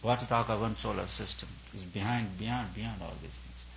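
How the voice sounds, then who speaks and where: A man's voice: lowish voice, fairly even intonation, normal speed, vocal fry, a bit bright, a little hiss or hum. A man preaching a sermon to a retreat audience as a spiritual teacher, speaking in emphatic, repetitive phrases. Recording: dull lo-fi recording.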